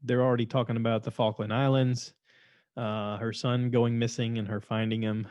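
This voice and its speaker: A man's voice: medium pitch, little pitch movement, moderate pace, a little mellow, dry recording. Chatty man in a dry close sound. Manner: rambling, repeats himself, chatty and opinionated. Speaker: podcast host. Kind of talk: casual monologue reviewing shows.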